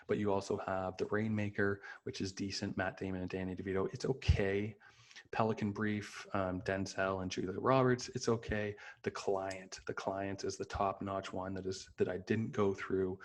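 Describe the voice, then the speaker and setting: Low-voiced man rambling casually, profane and eager. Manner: loose, profane, enthusiastic with many fillers. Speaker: podcast host reviewing films. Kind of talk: casual spoken review.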